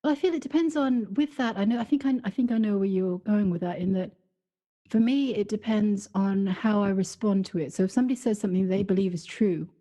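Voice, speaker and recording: A woman's voice: medium pitch, brisk, dark tone. A woman, co-hosting a podcast in casual, reflective conversation and telling stories with frequent laughter. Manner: reflective, storytelling, laughs often. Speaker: podcast co-host.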